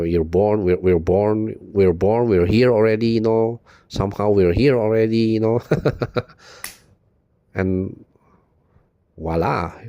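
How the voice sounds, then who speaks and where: A man with a low, mellow voice talks straight to his viewers in a loose, unscripted monologue. He loops back on his own phrases and leans on "you know" again and again, with bitter swearing throughout. The sound is dry and close. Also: no echo, muffled recording. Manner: rambling, repeats "you know" constantly, profane and bitter. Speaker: video blogger.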